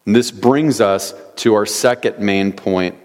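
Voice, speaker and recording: A pastor's lowish, darkish voice moves unhurriedly through an earnest sermon in a church sanctuary. He reads scripture aloud and raises rhetorical questions, with long hall reverb behind him.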